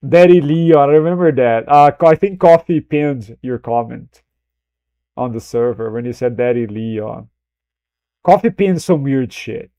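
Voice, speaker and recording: A man's voice: medium pitch, unhurried, mellow, smooth, no echo. A man chatting casually on a live stream while editing video, rambling and self-deprecating, often breaking into laughter.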